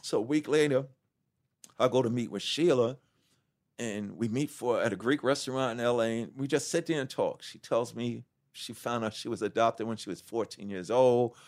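A man, telling his story to an interviewer in an animated, profane way and acting out the quotes. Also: mid-range voice, moderate pace. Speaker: guest.

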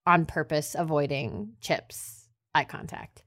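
A woman playing a character in an improvised tabletop game, expressive and quick to laugh. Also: deep voice, no room sound, studio quality. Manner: expressive, exasperated, laughs often. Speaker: player. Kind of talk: improvised tabletop role-play.

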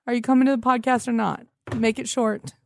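A woman's voice: fairly high pitch, steady tone, a little fast, gravelly, darkish tone, slight background noise. A woman in her twenties hosting a comedy podcast, blunt and erratic, oversharing in improvised calls. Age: 20s. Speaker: podcast host.

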